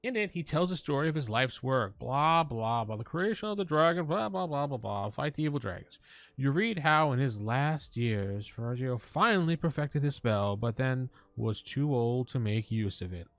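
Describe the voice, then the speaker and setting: A man's voice: mid-range voice, animated, moderate pace, a bit bright, no room sound. A man hosting a let's play, reading the game text aloud with playful, jokey asides. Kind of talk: casual gameplay commentary reading the text aloud.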